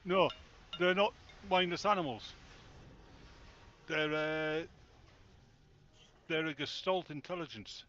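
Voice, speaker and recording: A man's voice: on the high side, slow pace, pauses often, pushed and bright. A man chatting casually with friends while playing a game, wry and profane, often correcting himself mid-sentence. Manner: wry, swearing, self-correcting. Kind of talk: casual banter while gaming. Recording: muffled, with faint noise.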